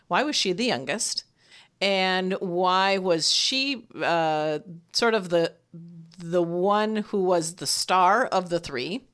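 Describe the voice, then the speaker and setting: A woman's voice: fairly low pitch, fairly bright tone. A woman hosting a casual discussion, reflective and asking questions aloud. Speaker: podcast host.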